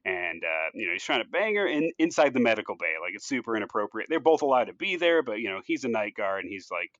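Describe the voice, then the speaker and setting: A man casually pitching a movie story on a podcast, rambling loosely with lots of "like" and "you know" and frequent restarts. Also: big pitch swings, fast, a bit bright, no echo, dull audio. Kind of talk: casual chat.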